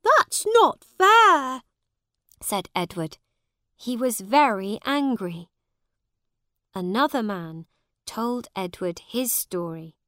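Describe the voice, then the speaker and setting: A woman narrating a storybook in a slow, clear, expressive reading voice. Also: medium pitch, no room sound, studio quality.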